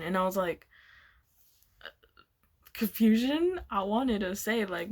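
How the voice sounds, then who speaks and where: A woman's voice: medium pitch, unhurried, pauses often. A young woman vlogger telling a casual storytime, laughing often and swearing as she rambles. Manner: giggly, swears a lot, loose and rambling.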